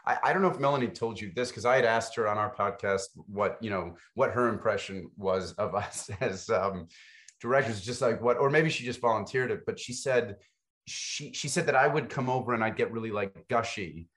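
A man's voice: on the low side, fairly bright tone. A man, a film co-director, chatting eagerly in an interview, stumbling over restarts as he gushes. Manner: eager, gushing, quick restarts. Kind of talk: casual interview chat.

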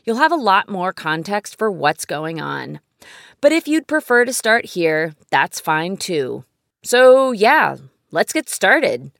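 A woman's voice: mid-range voice, very animated, slow pace, creaky, a bit bright, no echo, studio quality. A woman in her fifties, host and producer, giving upbeat, welcoming scripted podcast narration. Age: 50s.

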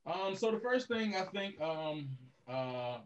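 Man with a high voice, animated business-owner guest, keeps checking in with "right?". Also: slow pace, lo-fi sound. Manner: animated, keeps adding "right?" to his points. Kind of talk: casual podcast conversation.

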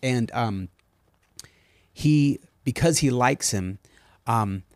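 A man in a podcast chat who tells stories with eager enthusiasm and drifts into tangents. His voice sits at an everyday middle pitch. The sound is dry and close, with no room echo. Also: drawn-out words. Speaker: podcast co-host. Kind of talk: casual chat, storytelling.

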